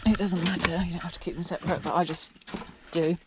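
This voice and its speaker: A woman's voice: on the low side, fairly even intonation, fast, noisy background. Chatty English woman sorting scrap. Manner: chatty, rambling, asks viewers questions. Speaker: scrapping vlogger. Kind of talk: casual narration while tearing down electronics.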